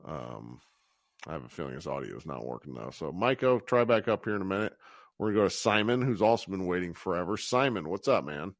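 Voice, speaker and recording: A man's voice: deep voice, fast talker, creaky, no room sound, clean studio sound. A man hosting a live call-in podcast, chatting casually, joking and laughing as he brings up callers. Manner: animated, laughs and swears, runs the caller queue. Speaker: podcast host running a live call-in show. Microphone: live audio app.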